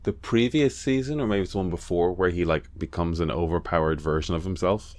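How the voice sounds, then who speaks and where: A man with a fairly low voice talks loosely in casual podcast chat. He rambles, swears and leans on fillers. The sound is dry and close to the mic. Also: brisk, darkish tone, no echo. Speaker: podcast co-host.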